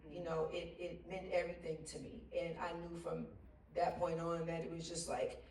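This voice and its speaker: A woman's voice: lowish voice, completely flat delivery, moderate pace, darkish tone, a little hiss or hum. Woman, casual slangy storytelling, laughs often, roomy hall, distant mic. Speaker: actress on a panel. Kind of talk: animated anecdote at a panel Q&A. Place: stage at a theater Q&A.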